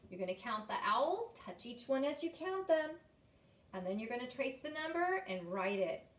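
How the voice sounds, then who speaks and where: A woman teacher speaks to young children, reading aloud and explaining new words patiently. Her voice is slightly high and very animated. The recording has noticeable room echo. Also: moderate pace, far from the mic.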